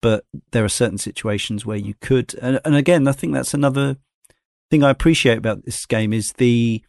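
This podcast host has a medium-pitched, slightly mellow voice with some vocal fry, and he talks fairly quickly. In a casual game discussion, he rambles thoughtfully and hands questions off to his co-hosts. The studio-quality audio has no echo.

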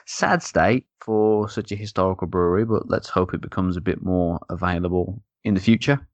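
A young Englishman sits close to the mic, his voice sitting very low and dry with no room around it. He rambles through a casual chat, full of ums and likes, cracking jokes as he goes. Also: moderate pace, no echo. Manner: rambling, jokey, many fillers. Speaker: beer podcast host.

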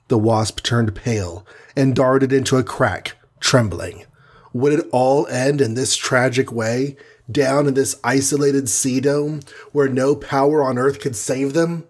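A man with a husky, mid-pitched voice narrating an action storybook. His reading is vivid and dramatic, leaning into each scene. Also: steady tone, unhurried.

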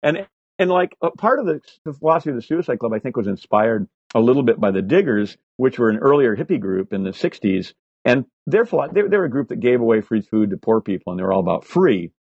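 A man in his sixties, a guest on an interview, telling animated, profane stories full of fillers. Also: medium pitch, fast, husky, no room sound. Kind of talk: casual storytelling interview. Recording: slightly dull lo-fi audio.

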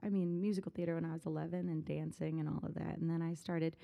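A woman's voice: deep voice, little pitch movement, fast, vocal fry, mellow. A woman musician in her thirties in a casual interview, chatting animatedly, often laughing and rambling through stories. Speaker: musician guest.

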